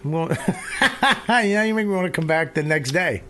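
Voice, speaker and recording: A man's voice: fairly high pitch, lively intonation, moderate pace, fairly bright tone, slight background noise. A man hosting a podcast, rambling and swearing freely as he chats with friends, laughing often. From Boston area. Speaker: podcast host. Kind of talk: casual podcast banter.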